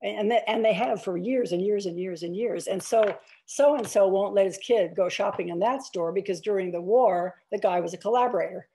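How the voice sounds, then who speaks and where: A woman's voice: mid-range voice, normal speed, few pauses, dark tone, slight background noise. An older woman giving an author talk over a video call, telling anecdotes in a chatty way with many fillers and restarts. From Iowa, United States.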